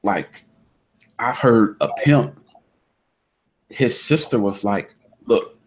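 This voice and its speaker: A man's voice: medium pitch, slow pace, crowd noise. A man co-hosting a casual chat show, reading out viewer comments and adding his own view. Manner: brief affirmations, reads chat comments. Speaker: co-host.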